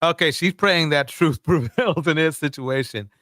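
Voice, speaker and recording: A man's voice: on the high side, moderate pace, fairly bright tone, dry recording. A man hosts a live stream, teasing and laughing through casual commentary. His voice sits mid-range and the sound is dry and close. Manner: joking, mocking, laughs often.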